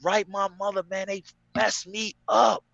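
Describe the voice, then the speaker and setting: A man's voice: high voice, level tone, measured pace, vocal fry, fairly bright tone, no echo, pitched above the performer's own voice, exaggerated voice. Man doing a beaten-up young inmate, pleading, raised voice, dull lo-fi sound. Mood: aggrieved. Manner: pleading, complaining. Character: beaten young male inmate calling through a vent.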